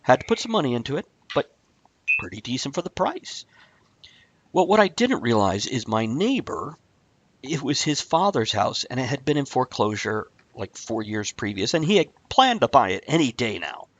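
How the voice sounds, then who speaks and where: A man hosting a casual talk show, telling a rambling shaggy-dog story with deadpan asides. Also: mid-range voice, normal speed, husky, no room sound, rough recording.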